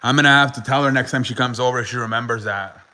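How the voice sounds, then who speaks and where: A man's voice: mid-range voice, steady tone, fast talker, bright, forceful tone, poor audio. A young man telling a story as a podcast host, casual and chatty, laughing often and swearing, with lots of "like" fillers.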